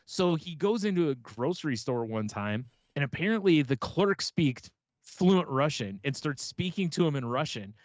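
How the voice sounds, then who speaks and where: A man's voice: a little high, big pitch swings, moderate pace, no echo, dull audio. Chatty man telling rambling stories. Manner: rambling storyteller, laughs often, acts out quotes. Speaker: podcast co-host. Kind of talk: casual chat.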